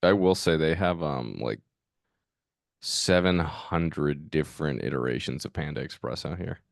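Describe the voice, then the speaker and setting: Laid-back young man with a very low voice. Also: measured pace, vocal fry, no room sound, studio quality. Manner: laid-back, chiming in with short remarks. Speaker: podcast host, the son. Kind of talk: casual family chat.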